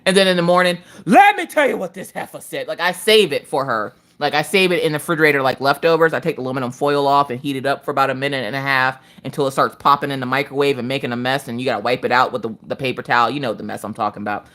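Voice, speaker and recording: A woman's voice: very deep voice, fairly even intonation, very fast, few pauses, a bit bright. A Southern woman in her late thirties chatting casually on a craft live stream, telling stories with swearing and a slight slur. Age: 30s.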